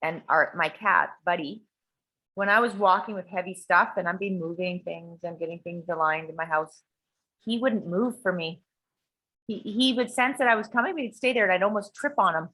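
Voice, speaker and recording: Woman, casual profane storyteller, bright forceful voice, animated delivery. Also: mid-range voice, low-quality recording. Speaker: guest sharing a personal story.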